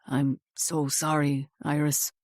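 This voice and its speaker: A woman voicing a weary, sheepish, hungover middle-aged uncle who mumbles in a low, weak voice. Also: flat delivery, unhurried, no echo, clean studio sound.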